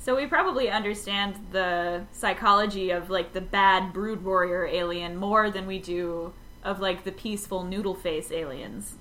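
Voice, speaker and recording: Bright-voiced, teasing woman co-host. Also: medium pitch, normal speed, few pauses, reverberant. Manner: laughs easily, teasing. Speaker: podcast co-host. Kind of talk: casual chat.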